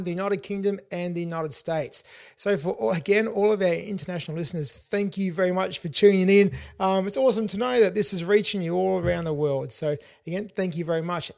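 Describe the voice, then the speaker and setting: A man's voice: sits high, vocal fry. Upbeat Australian man hosting a podcast. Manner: upbeat, encouraging, asks listeners questions. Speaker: podcast host. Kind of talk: solo self-help podcast.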